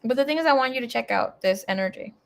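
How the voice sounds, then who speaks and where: Young woman doing a tarot reading at home, talks loose and sweary, goes loud then drops to a mumble. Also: a little high, expressive, fast talker, creaky. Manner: chatty, swearing, rambling asides; swings between loud bursts and quiet mumbling. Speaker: tarot reader. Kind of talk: casual live tarot reading.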